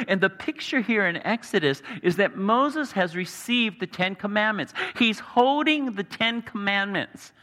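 A man preaching a sermon earnestly, sometimes dropping to a hushed tone. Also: high voice, long reverb tail. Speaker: pastor.

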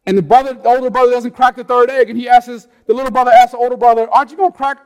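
A man preaching a sermon in a conversational way, telling stories, asking rhetorical questions, and swinging between loud emphatic peaks and quiet, low asides. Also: flat delivery, racing, clean tone, long reverb tail. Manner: rhetorical questions and repeated phrases. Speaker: pastor.

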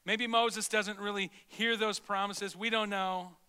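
A middle-aged man preaching a sermon as pastor, animated, swinging between loud exclamations and soft, low asides. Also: a little slow, smooth. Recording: long reverb of a large hall.

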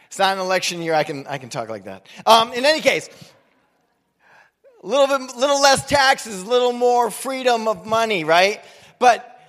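A man's voice: extremely high pitch, sing-song, measured pace, pauses often, a bit bright, in a large hall. A man in his forties preaching a sermon in a casual, joking, conversational way. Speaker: pastor.

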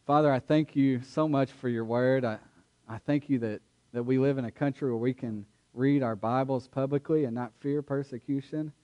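Male pastor, mid-pitched voice, earnest and emphatic sermon delivery. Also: fairly even intonation, darkish tone, dull audio. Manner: earnest, emphatic preaching with pauses and restarts. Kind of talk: sermon with scripture reading.

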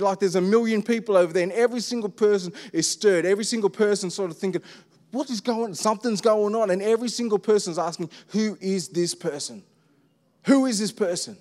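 A middle-aged man preaching a sermon in a relaxed, conversational way, full of rhetorical questions. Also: high-pitched. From Australia. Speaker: pastor. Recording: long reverb of a church hall.

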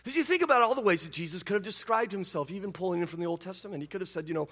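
Bright-voiced emphatic male preacher. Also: animated, very fast, few pauses. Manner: emphatic preaching that swings between loud declarations and low intense asides. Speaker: pastor. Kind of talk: sermon.

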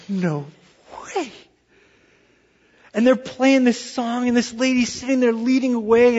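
A male pastor preaching a sermon, telling a personal story in an animated way and dropping to hushed tones for effect. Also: high voice, big-room sound, lo-fi sound.

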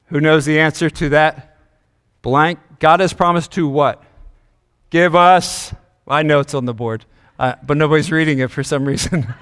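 A man's voice: on the high side, a little slow, pauses often, a bit bright, smooth, big-room sound. A male pastor preaching a sermon, asking the congregation questions, a little out of breath. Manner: engaging, asks the congregation questions.

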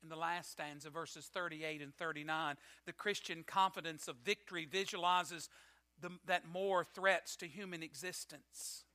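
A man preaching a sermon, reading scripture and telling an illustration in a measured, declamatory way. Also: fairly high pitch, steady tone, sharp tone.

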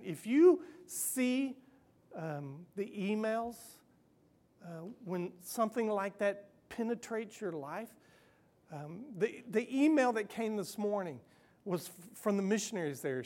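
An earnest male pastor preaches in a personal, conversational way, his voice sitting high. He pushes some phrases out loudly, then sinks to a hushed near-whisper for the tender parts.

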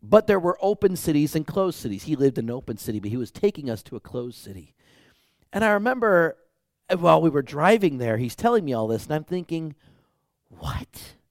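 Animated storytelling male preacher. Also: fairly high pitch, fast talker, no room sound, studio quality. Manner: animated storytelling, voice rises when worked up. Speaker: pastor. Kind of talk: sermon.

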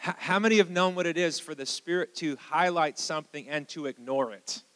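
A man with an American accent, a pastor preaching a sermon in church and leading prayer, moving between hushed prayer and fervent calls to the congregation. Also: fairly high pitch, fairly quick, smooth, long reverb tail, rough recording. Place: church sanctuary.

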